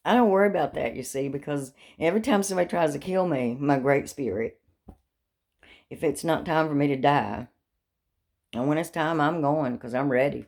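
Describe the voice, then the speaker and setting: A talkative middle-aged woman vlogs rambling stories from her life, cracking morbid jokes and laughing often. Her voice is low-pitched and a little mellow, at a normal speed.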